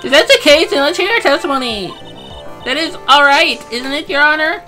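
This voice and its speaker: Cast: a woman as a haughty prosecutor, high and swooping, sharp orders, soft music under. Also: animated, fairly quick. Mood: imperious. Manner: imperious, curt orders. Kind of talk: fan dub of a game.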